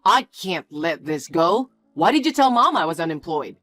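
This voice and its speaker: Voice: medium pitch, big pitch swings, moderate pace, fairly bright tone, dry recording, soft background music. A voice actor playing a stubborn, defensive young man in scripted story dialogue, blunt and bossy. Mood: angry.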